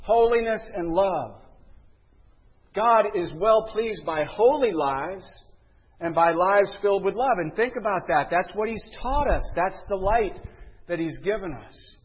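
A man's voice: high-pitched, expressive, breathy edge, dull audio. A man preaching a sermon in an earnest way, drawing out the words he wants to stress. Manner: earnest preaching, drawn-out emphasis on key words. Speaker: pastor.

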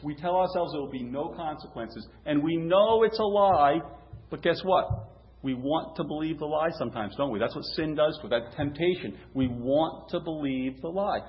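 In a slightly high voice with lively intonation and a normal speed, a man delivers a sermon like a conversation, tossing out rhetorical questions and starting phrases over. The sound is roomy, dull and lo-fi with a faint hum underneath.

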